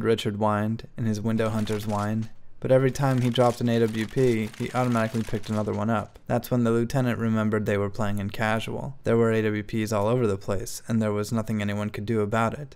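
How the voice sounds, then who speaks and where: A man narrating a comedic story in a deadpan, storybook manner. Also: fairly low pitch, brisk, hardly any pauses, clean tone.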